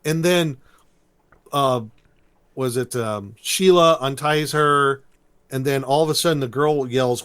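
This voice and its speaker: A podcast co-host recaps a cartoon episode in casual chat, rambling and animated, laughing as he retells each scene. His middle-pitched voice moves a little slowly. The recording is close and dry, with no room sound.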